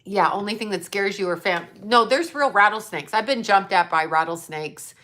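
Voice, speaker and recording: Middle-aged woman, bright voice, loose rambling talker, frequent laughs and swearing. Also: medium pitch, normal speed. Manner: chatty, digressive, laughs often, swears. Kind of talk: casual rambling chat.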